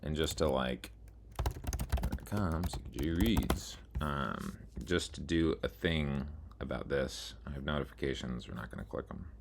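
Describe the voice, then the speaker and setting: A man's rumbling, low, creaky voice moves unhurriedly through a casual screen-share vlog with background noise. Meandering and self-mocking, he mutters and narrates as he scrolls and clicks.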